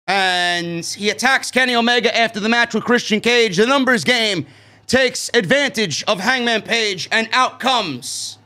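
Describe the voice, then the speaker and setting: A man from New York hosting a live-stream wrestling review, excitable and profane, tacking "man" onto his sentences. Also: very high-pitched, clear, resonant tone. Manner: excitable, swears freely, keeps saying "man".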